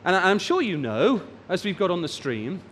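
Lively preacher in a reverberant hall. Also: male voice, high-pitched, moderate pace, slight background noise. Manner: rises and falls for emphasis, draws out key words. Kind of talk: sermon.

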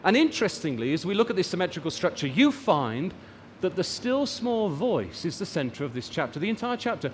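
A man's voice: high voice, big pitch swings, brisk, big-room sound, slight background noise. A man preaching a sermon, rising and falling for emphasis and drawing out the key words. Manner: rises and falls for emphasis, draws out key words.

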